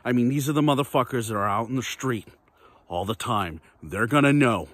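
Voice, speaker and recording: A man's voice: medium pitch, expressive, fairly quick, a bit bright, no room sound. A man ranting casually to camera in a vlog, profane, rambling and repetitive. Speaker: vlogger.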